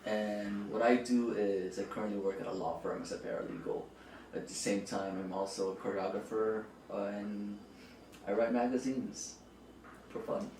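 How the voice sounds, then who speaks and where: Chatting casually and playfully as a podcast guest, a young Filipino man uses a fairly low, slightly mellow voice with fairly even intonation at normal speed, leaning on "like"s and hedges. A distant camera microphone, rather than the podcast mic, records him, leaving roomy audio with a bit of hiss or hum.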